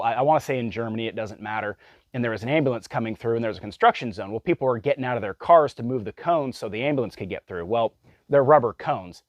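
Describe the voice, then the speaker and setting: Man, casual vlog rant, blunt, profane, rambling restarts, medium pitch, dry recording. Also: no echo, lo-fi sound. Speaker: vlogger. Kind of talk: casual ranting monologue.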